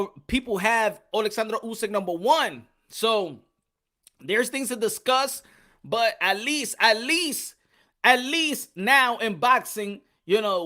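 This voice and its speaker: Animated boxing stream host, bright voice. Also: male voice, high-pitched. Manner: animated, repetitive, shouting out chat names. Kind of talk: live-stream commentary chatting with viewers.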